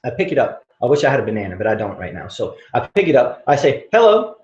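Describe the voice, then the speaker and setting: A man teaching qigong in an animated, playful way, often laughing as he demonstrates. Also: fairly low pitch, fast. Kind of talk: motivational teaching talk. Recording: roomy, dull-sounding recording.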